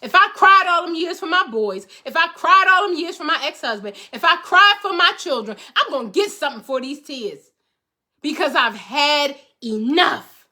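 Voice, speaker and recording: A woman's voice: high voice, animated, moderate pace, sharp tone. A middle-aged woman host giving an emphatic motivational talk to viewers, repeating phrases for rhythm like a preacher. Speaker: host, life coach.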